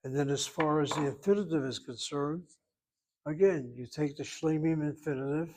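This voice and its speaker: Man teaching Hebrew grammar, slightly high voice. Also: moderate pace, darkish tone. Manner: patient, explanatory, stresses pronunciation. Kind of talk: classroom grammar lesson.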